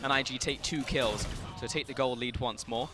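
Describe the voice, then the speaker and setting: A man giving play-by-play esports commentary, quick and rising to excited calls on big plays. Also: medium pitch. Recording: commentary over game music.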